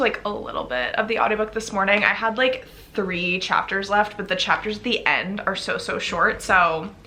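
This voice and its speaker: A woman's voice: medium pitch, pushed and bright, a little hiss or hum. A young woman chatting casually in a reading vlog, bubbly and gushing, with lots of "like" fillers. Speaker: book vlogger.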